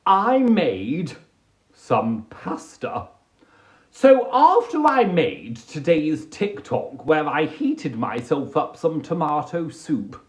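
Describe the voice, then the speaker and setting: A man from England hosting a casual livestream from home, playful and chatty. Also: a little high. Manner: playful, animated, breaks into silly improvised singing. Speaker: livestream host.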